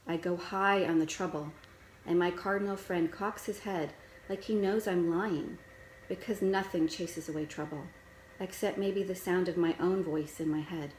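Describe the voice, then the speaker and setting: A woman with a lowish voice narrates a children's chapter book in first person, steady and gentle. The recording is roomy, with a faint background hiss.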